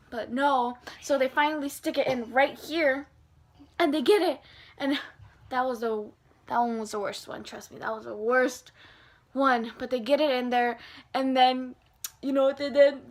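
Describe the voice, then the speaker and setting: Young girl doing a storytime vlog, high voice, lots of likes, acts out what people said. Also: moderate pace. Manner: animated, lots of fillers, acts out dialogue. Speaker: vlogger. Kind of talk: casual storytime.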